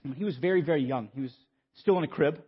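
A man, preaching a sermon and telling a story in an animated, stammering, self-mocking way. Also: a little high, fast talker, slightly rough. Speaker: pastor. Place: church sanctuary. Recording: muffled sound with long hall reverb.

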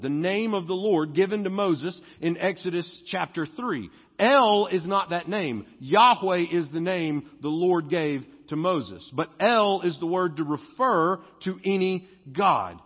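A young man with a drawl preaches a sermon in conversational style, stretching out the words he wants to land. His voice sits high and a little husky. The recording is dull, with a long church-hall reverb. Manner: conversational preaching, slows and stresses key words. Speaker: pastor. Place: church sanctuary.

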